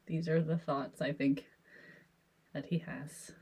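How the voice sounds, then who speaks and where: A woman's voice: deep voice, steady tone, takes it slowly, long pauses, dark tone, breathy edge. A woman who hosts an art channel, chatting casually and laughing often as she sketches in her home office. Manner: giggly, rambling, with frequent laughs. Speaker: artist and video host. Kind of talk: casual chat while sketching.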